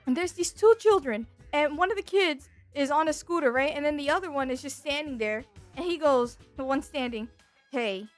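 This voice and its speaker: High-pitched young woman telling a wild story. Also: fairly quick, hardly any pauses, faint music behind. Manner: animated, exasperated storytelling with frequent fillers. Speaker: VTuber streamer. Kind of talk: casual storytime.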